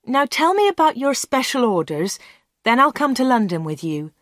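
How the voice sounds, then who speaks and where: A woman voicing a curious, nervous young village woman in a storybook reading, pitching her voice higher for the character. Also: very animated, moderate pace, a bit bright, no room sound, studio quality.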